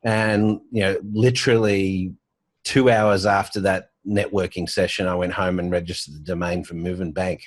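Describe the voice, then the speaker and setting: Low-voiced man with a soft Australian accent. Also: steady tone, normal speed, no echo. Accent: Australian, softened. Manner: storytelling, with frequent fillers and restarts. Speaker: guest, banking entrepreneur. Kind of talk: casual conversational interview. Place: home office with artwork on the wall.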